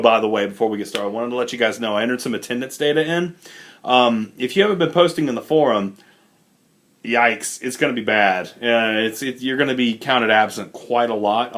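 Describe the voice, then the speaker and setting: A young adult man teaching a recorded college literature lesson in a loose, informal way, with many fillers and asides. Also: mid-range voice. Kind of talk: casual recorded lecture.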